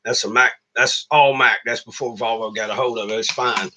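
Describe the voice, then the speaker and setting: This middle-aged truck driver and channel host has a mid-range, brisk, sharp voice with fairly even intonation. He vents to his viewers in a casual livestream, telling stories bluntly, profanely, and with plenty of complaints.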